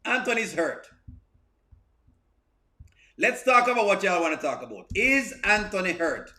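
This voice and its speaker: A man's voice: high-pitched, sing-song, measured pace, sharp tone. A man hosting a live reaction stream, reading out viewer comments and repeating himself with stammering restarts.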